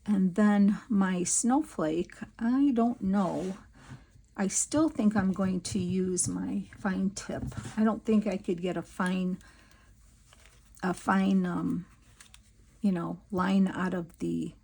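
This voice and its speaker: A woman's voice: medium pitch, fairly even intonation, slow pace, gravelly, warm tone, husky. A woman hosting a crafting video, chatting casually and giggling as she works, with many fillers. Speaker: crafting channel host. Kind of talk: casual craft tutorial chat.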